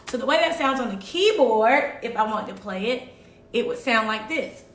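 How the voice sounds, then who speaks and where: A woman's voice: fairly high pitch, animated, moderate pace, distant mic, noisy background. A woman teaching a children's music lesson online, patient, checking in often with "all right?". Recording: echoey room, voice away from mic.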